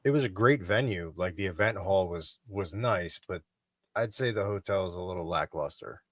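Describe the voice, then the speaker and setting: A man guest on a video call podcast, giving a measured, plain-spoken review. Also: sits low, fairly bright tone, dry recording, clean studio sound. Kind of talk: casual chat.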